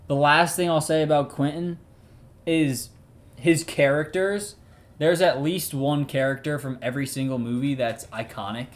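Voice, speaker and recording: A young man co-hosting a casual movie chat, animated, often repeating words as he restarts his point. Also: fairly high pitch, moderate pace. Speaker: podcast co-host.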